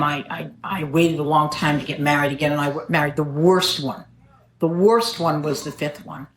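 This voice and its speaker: Middle-aged woman, recovery-meeting speaker, self-mocking humor, lower register, roomy echo. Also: slight background noise. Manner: wry, self-mocking storytelling with jokes. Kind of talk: personal recovery talk at a meeting. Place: meeting room. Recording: echoey meeting room.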